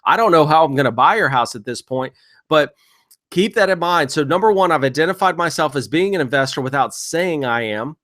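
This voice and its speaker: Walking viewers through real estate software on screen, this man coaches them through example phone calls in a casual way. His voice is fairly high, expressive and brisk.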